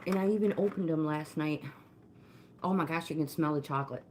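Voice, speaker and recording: Leading a live walking workout, a middle-aged woman chats and encourages, greeting viewers by name while a bit out of breath. Her deep, darkish voice moves briskly, with slight background noise and a roomy indoor echo.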